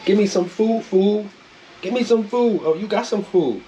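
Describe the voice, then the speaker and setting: A big, timid male house cat, as a man puts him on, squeaks out his demands in a high, pushy home-video voice. The pitch jumps well above the man's normal speech. A faint hum sits under the voice. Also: moderate pace, warm tone, lightly acted, low-quality recording. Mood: demanding. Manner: grumpy high put-on cat voice.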